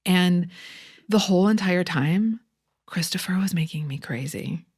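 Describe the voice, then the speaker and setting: A woman's voice: fairly low pitch, unhurried, darkish tone, husky. A woman in her forties from Michigan, a podcast guest telling a story casually and candidly, swearing now and then and laughing at herself.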